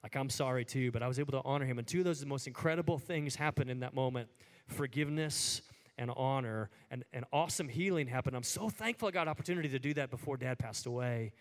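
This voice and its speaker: A man preaching a sermon in a conversational way, full of "like" fillers, who climbs high and emphatic at the peaks. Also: fast talker. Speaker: pastor.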